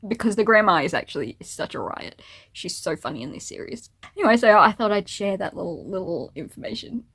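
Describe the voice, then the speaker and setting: Quick and very animated, a young woman vlogs to camera in a medium-pitched, slightly bright voice with vocal fry and a breathy edge. She rambles and laughs at herself, giggly yet teary and emotional.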